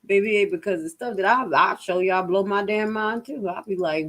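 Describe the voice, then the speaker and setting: A woman hosting a casual livestream, speaking. Her delivery is animated and emphatic, full of asides aimed straight at her viewers. When she reads out official text she slows down and stumbles over the words. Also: medium pitch. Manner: reads documents aloud haltingly. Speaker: channel host.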